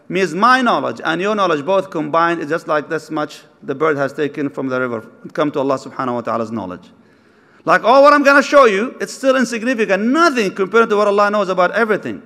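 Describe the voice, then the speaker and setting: A man's voice: sits high, quick pace. A man preaching a sermon, telling a story and acting out its dialogue, with recited verses mixed in. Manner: animated, acts out dialogue, mixes in recited verses. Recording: long hall reverb.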